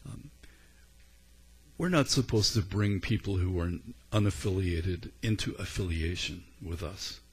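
Husky, low-voiced male preacher. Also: measured pace. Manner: earnest and conversational, with frequent ums. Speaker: pastor. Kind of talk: sermon.

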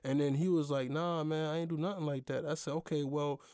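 A man's voice: a little high, fairly quick, no room sound, clean studio sound. A young man hosting his own show, telling a personal story in a loose, slangy way with lots of fillers. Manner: slangy, animated, full of fillers. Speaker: podcast host. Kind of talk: casual storytelling.

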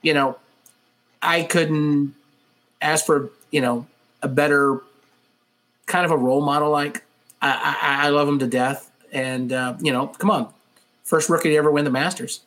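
A man's voice: a little high, steady tone, measured pace, pauses often, a bit bright. Rambling man hosting a podcast. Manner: rambling, with filler words. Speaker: radio show host. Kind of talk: casual podcast chat.

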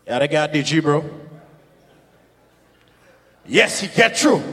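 A man MCing a sound clash event, shouting hype announcements to the crowd. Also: fairly high pitch, lively intonation, takes it slowly, long pauses, faint music behind. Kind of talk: live event hype talk. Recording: echoey venue with long reverb.

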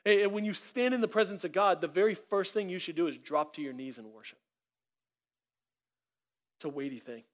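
A man, a pastor, preaching a sermon in an animated way, with many restarts and acted-out bits of dialogue. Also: sits high, a little fast, long pauses.

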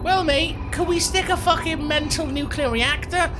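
A man's voice: extremely high pitch, fairly even intonation, moderate pace, music in the background, pitched above the performer's own voice. A man voicing a dim, chummy Scouse man named Ron in an improvised comedy sketch, rambling and matey. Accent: put-on Scouse. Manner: rambling, matey, breaks into laughter. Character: dim, chummy Liverpudlian man Ron, always on about his mate.

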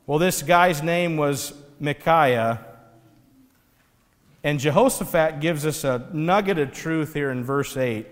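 A man giving a sermon in an animated, conversational storytelling way. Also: on the high side, slow pace, long reverb tail. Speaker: pastor.

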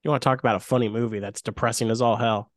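A man's voice: medium pitch, fairly even intonation, rapid-fire, dry recording, clean studio sound. A man co-hosting a casual movie podcast, giving blunt opinions with plenty of swearing. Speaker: podcast co-host.

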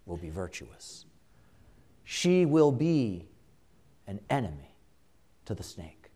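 A man preaching a sermon, slow and emphatic, with dramatic pauses and quiet hushed drops. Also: medium pitch.

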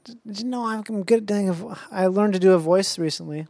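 A man guesting on a podcast, chatting casually in an excitable, incredulous manner with plenty of swearing. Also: high voice, fast, dry recording.

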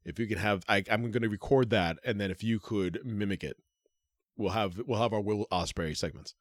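A man's voice: fairly low pitch, brisk, dry recording, studio quality. A man co-hosting a casual podcast, joking around and laughing often. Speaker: podcast co-host.

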